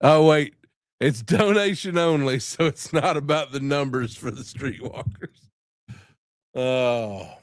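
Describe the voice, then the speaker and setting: A man's voice: mid-range voice, takes it slowly, no room sound, studio quality. A man hosting a casual live stream, rambling and joking with frequent laughter. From southern United States.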